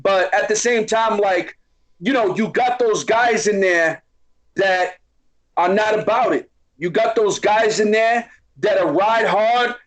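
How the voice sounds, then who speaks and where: Guest, middle-aged Boston man, high voice, tough street talk with a preaching lilt. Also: slow, muffled recording. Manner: streetwise, preachy, keeps asking "you know what I mean?". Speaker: podcast guest. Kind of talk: casual chat.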